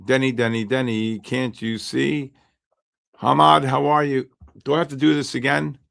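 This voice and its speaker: A hoarse man hosting a live trading stream, chatting with viewers by name while he calls trades. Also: medium pitch, normal speed. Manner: animated, greets chat by name while calling trades. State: hoarse, losing his voice. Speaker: livestream host and futures trader.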